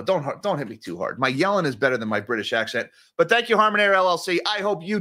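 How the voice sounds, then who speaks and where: A man's voice: mid-range voice, big pitch swings, quick pace, hardly any pauses, sharp tone. A man hosting a finance channel, chatting casually through viewer comments and correcting himself as he rambles. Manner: rambling, conversational, self-correcting. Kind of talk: casual livestream chat reading viewer comments.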